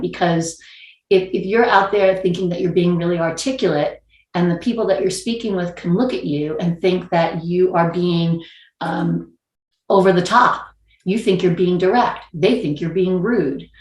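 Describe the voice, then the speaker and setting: A woman's voice: fairly low pitch, reverberant. A woman from New York with a New York accent, speaking as a panelist in a video-call panel discussion, thoughtful and wordy with many restarts.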